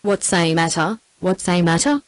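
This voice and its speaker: Sharp old boss, snapping orders, read low and level by an Australian female TTS voice. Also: normal speed, no room sound, close to an everyday voice, poor audio. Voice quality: flat synthetic delivery. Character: stout little old male employer, sharp and snappish.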